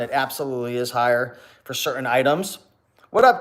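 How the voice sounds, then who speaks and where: A man's voice: on the high side, animated, a little fast, a bit bright. A man hosting a casual livestream, talking to viewers in a preachy way, firing rhetorical questions and restarting his words. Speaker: reseller YouTuber hosting a livestream.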